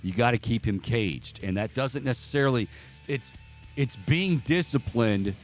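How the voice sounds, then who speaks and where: A man's voice: mid-range voice, animated, measured pace, faint music behind. A man hosting a studio sports talk show, breaking down plays and rattling off upbeat plugs and a sign-off. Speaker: sports radio host.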